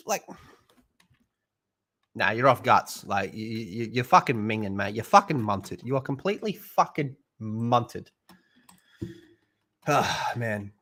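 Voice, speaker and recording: On a live stream, a young Australian man reviews a TV show in crude, casual chat, swearing heavily and laughing a lot. His voice is lowish, expressive and a bit bright, moving at a slow pace with frequent pauses.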